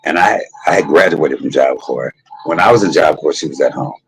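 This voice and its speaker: A man hosting his own show, telling a personal story in an animated, profane way and talking straight to his listeners. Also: a bass voice, a little fast, a little hiss or hum, rough recording. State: emotional, tearful at times. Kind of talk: candid storytelling monologue.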